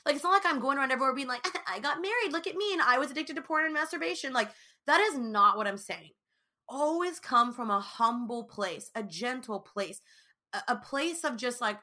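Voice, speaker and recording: Chatty bright-voiced young woman. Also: a little high. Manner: chatty, fillers like "like" and "you know". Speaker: podcast host. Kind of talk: casual faith podcast monologue.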